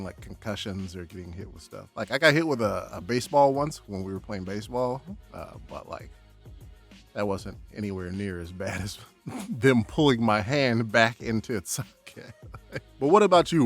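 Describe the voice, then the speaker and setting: A young man vlogging casually, telling a story with lots of laughs and acted-out reactions. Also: fairly low pitch. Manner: animated, laughing, acts out his own shouts.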